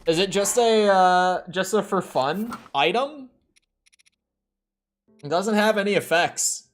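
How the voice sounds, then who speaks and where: A man's voice: high voice, animated, slow pace, soft background music. A man streaming a video game, chatting casually, swearing and breaking into indignant exclamations. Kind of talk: casual live-stream chat while gaming.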